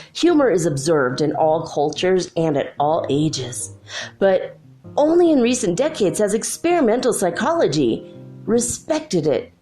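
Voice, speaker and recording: Giggly woman telling a story, lower voice. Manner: giggly, animated storytelling, frequent "like". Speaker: spiritual channel host. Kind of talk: casual monologue.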